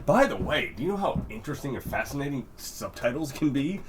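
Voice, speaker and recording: A man's voice: medium pitch, big pitch swings, brisk, noisy background. A man co-hosting a podcast in casual, profane chat, rambling with lots of fillers and restarts. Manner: rambling, swears freely, many fillers and restarts. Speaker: podcast co-host.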